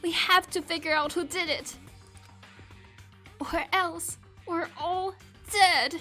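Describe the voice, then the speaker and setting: A woman voicing an earnest, upbeat teenage girl in a game read-through, pitched higher than her own voice. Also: fairly even intonation, slow, sharp tone, faint music behind, exaggerated voice. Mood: determined.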